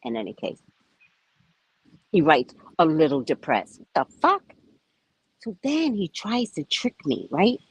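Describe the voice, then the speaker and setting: A woman vlogger tells her story in a casual, frank way, a little profane at times. Her pitch moves a lot as she talks, rising and dropping. The sound is close and dry, with no room echo. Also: slow, pauses often, slightly rough. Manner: chatty, animated, frank and a bit profane. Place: at a resort.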